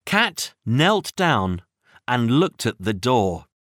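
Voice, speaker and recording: A storybook narrator who reads very slowly and with great expression, the pitch rising and falling widely. The voice is recorded close, with no room sound at all. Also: big pitch swings, fairly bright tone, no echo. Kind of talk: children's audiobook reading.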